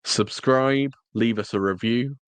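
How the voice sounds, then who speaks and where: This podcast co-host rambles through casual chat, correcting himself and cracking jokes as he goes. His mid-range voice is smooth and unhurried, recorded with no echo.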